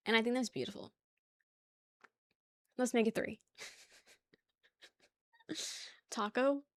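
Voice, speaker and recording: A woman's voice: a little high, slow, dry recording. Dry-sounding laughing young woman streamer. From New York area. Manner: joking, laughing, rambling to chat. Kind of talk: casual chat stream.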